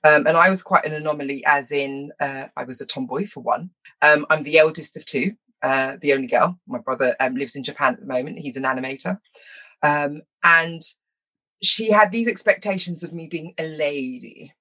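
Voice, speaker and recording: Bright-voiced woman. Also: low-pitched. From London, England. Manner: lively and self-mocking, laughs often, slips into quick impressions. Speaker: interviewee. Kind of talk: personal storytelling in conversation.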